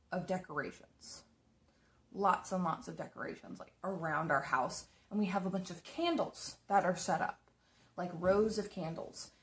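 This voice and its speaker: Chatty young woman rambling through a story. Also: lowish voice. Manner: rambling, chatty, full of "like" and restarts. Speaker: makeup vlogger. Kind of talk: casual storytelling while doing makeup.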